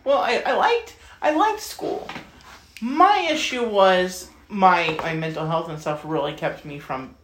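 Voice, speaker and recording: A man's voice: sits high, animated, a little slow, a bit bright, a little hiss or hum. A man co-hosting a podcast, telling candid school stories in a stop-start, casual way. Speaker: podcast co-host. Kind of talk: casual chat. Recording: echoey room.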